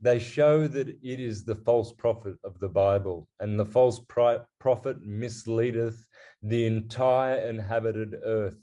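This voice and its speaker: Mellow-voiced guy guesting on a podcast, preachy and dramatic, leans on his words. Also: fairly low pitch, lo-fi sound. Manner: preachy, dramatic, slow emphatic delivery. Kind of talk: podcast interview chat.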